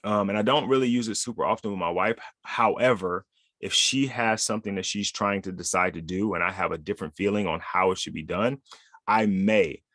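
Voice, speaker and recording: A man with a fairly low voice talks through ideas in an easygoing podcast style. He keeps dropping "right?" to pull the listener along. The sound is dry and close. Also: a little fast, fairly bright tone, no room sound. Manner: conversational, lots of "right?" tag questions. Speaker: podcast host. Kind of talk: casual podcast talk.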